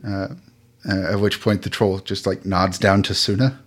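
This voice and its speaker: A man narrating as game master of a tabletop game, relaxed and hesitant with many fillers. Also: low-pitched, moderate pace.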